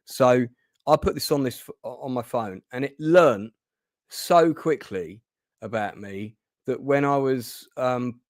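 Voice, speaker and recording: A chatty man hosting an interview podcast, rambling along with plenty of restarts. His voice sits at an ordinary pitch, and the recording is close and dry. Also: slow pace, no room sound. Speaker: podcast host. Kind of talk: casual interview chat.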